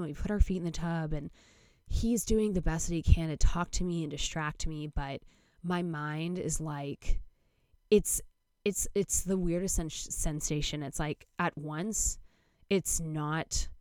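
Young woman with a low voice, casual storytime, cursing a lot, dry close sound. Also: warm tone, no echo. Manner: candid, swears freely, lots of fillers.

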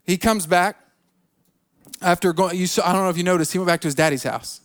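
A high-voiced man delivers a sermon in a loose, conversational way. He retells the story with asides and slips into the characters' voices as he goes. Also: fast. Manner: animated storytelling, acting out biblical characters. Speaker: pastor.

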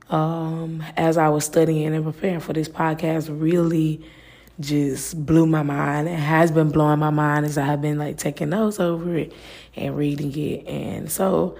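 Podcast host: a woman with a low, gravelly, flat voice, earnest and personal, casual faith talk. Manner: earnest, personal, with frequent fillers.

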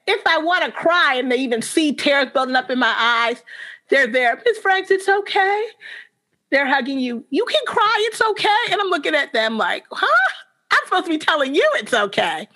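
Bright-voiced woman teacher telling stories. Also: on the high side. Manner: earnest, animated when quoting children. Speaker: podcast guest. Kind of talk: personal storytelling in a podcast interview.

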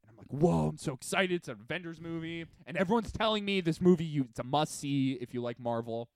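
Animated young man telling stories. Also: on the high side, fast talker, no echo, studio quality. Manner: animated storytelling, acts out friends' lines. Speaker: podcast co-host. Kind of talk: casual chat.

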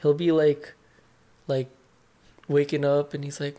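Here the podcast guest, a young man, sounds a little high, monotone, and dark, never rushing. He talks openly and reflectively in a casual way, full of filler words and with some cursing.

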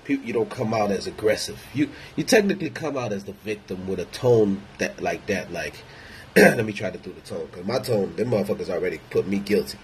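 A man's voice: fairly low pitch, expressive, brisk, a little hiss or hum, rough recording. A man ranting in a casual monologue, rambling, blunt and heavy on profanity. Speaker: vlogger.

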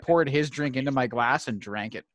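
A man's voice: medium pitch, moderate pace, a bit bright, no room sound. A man in casual chat, telling a story in a laid-back way with plenty of swearing.

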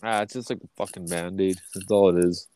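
A man's voice: sits low, fairly even intonation, a little fast, warm tone, a little hiss or hum. A man hosting a casual podcast, stoned and yawning, rambling with heavy swearing and frequent laughs. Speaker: podcast host. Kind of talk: casual profane chat.

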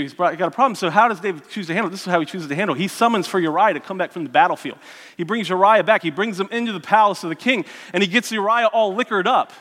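A man preaching a sermon as a lively story, acting out the characters' voices and adding joking asides. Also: sits high, in a large hall. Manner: animated, voices the characters, self-mocking asides.

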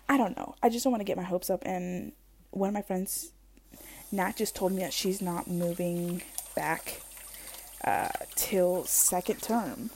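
Young woman, breathy husky voice, rambling casual chat, wired headphone mic, home kitchen. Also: mid-range voice, a little mellow. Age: young adult. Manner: rambling, chatty storyteller. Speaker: podcast host.

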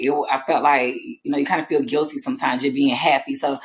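A woman with a deep, low-pitched voice chats casually as a podcast co-host. She is expressive and laughs easily, and she often turns to speak straight to her listeners. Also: quick pace. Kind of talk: casual chat.

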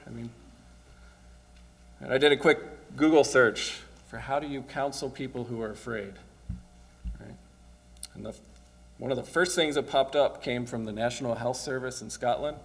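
A man's voice: medium pitch, measured pace, long pauses. A male pastor giving a casual, conversational sermon, often asking "right?" and chuckling as he talks.

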